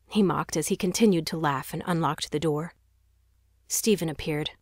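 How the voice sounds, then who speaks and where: Female audiobook narrator, lower voice, tense dramatic telling, dry close recording. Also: moderate pace, a little mellow, no room sound. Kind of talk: scripted narration.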